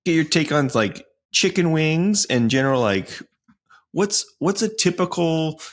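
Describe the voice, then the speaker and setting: A man co-hosting a podcast in relaxed, easygoing casual chat. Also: fairly high pitch, unhurried. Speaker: podcast co-host.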